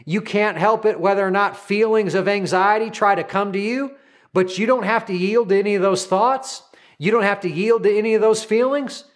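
High-voiced man preaching a sermon. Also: moderate pace. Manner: exhorting, repeats "come on", has listeners say lines after him. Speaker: pastor.

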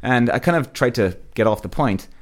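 Blunt, animated man telling a story. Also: medium pitch, moderate pace. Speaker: podcast host. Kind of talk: casual storytelling monologue.

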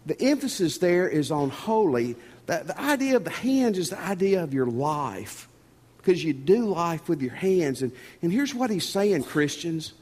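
A man preaching a sermon as pastor, folksy and animated, often repeating words. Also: a little high, moderate pace. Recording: long reverb of a church hall.

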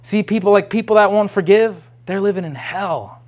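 Male preacher, high-pitched, informal rambling sermon delivery. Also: normal speed, a little mellow. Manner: rambling, restarts often, rising to urgent questions.

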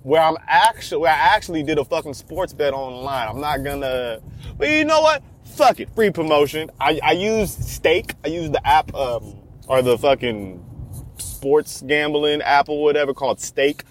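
A man's voice: a little high, expressive, normal speed, a little hiss or hum. A man in his twenties talking casually while driving, rambling and joking with constant profanity. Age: 20s. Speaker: vlogger. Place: in a car on city streets.

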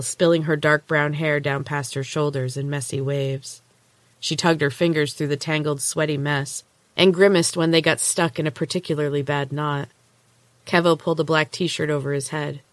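A woman podcast host narrating a novel chapter aloud in a steady, measured way. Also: low-pitched, no room sound. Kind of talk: storybook narration.

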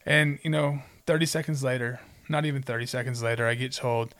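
A man's voice: medium pitch, quick pace, hardly any pauses, fairly bright tone. A man in his forties from Southern California, co-hosting a faith podcast and telling personal stories in a rambling, earnest way. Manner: rambling, earnest storytelling with restarts. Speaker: podcast co-host. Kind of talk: casual faith talk.

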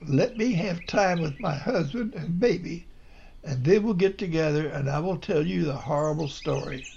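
A man voicing a young frontier wife, raising his pitch for her lines and calling out urgently. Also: moderate pace, gravelly, a little mellow, muffled recording, a little hiss or hum. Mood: steady. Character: frontier woman, young wife, brave and shaken.

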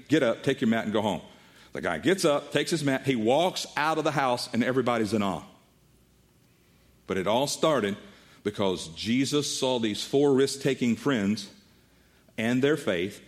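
Middle-aged male pastor preaching a story. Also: mid-range voice. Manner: animated storytelling, acts out quoted voices. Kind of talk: sermon.

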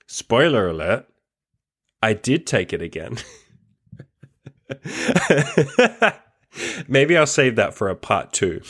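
A podcast host with a lowish, fairly bright voice tells a personal story in a casual monologue. He swears heavily, laughs between lines, and rambles loosely, filling gaps with "like."

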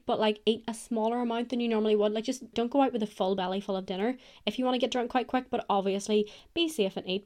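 A woman's voice: mid-range voice, darkish tone. A young woman, hosting a podcast alone in a candid, self-mocking, chatty way. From Ireland. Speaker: podcast host. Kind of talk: casual solo chat.

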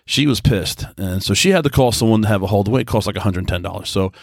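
A man hosting a podcast, telling a long casual story in a rambling, chatty way, full of restarts, easygoing and mellow. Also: lowish voice, quick pace, creaky, no echo, clean studio sound. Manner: easygoing, self-described mellow. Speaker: podcast host. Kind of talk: casual monologue.

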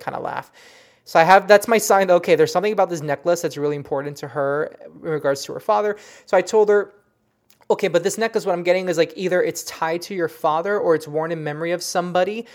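A psychic medium recounting a reading in an earnest, emotional, halting way, often restarting sentences and trailing off softly. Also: medium pitch. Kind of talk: personal storytelling.

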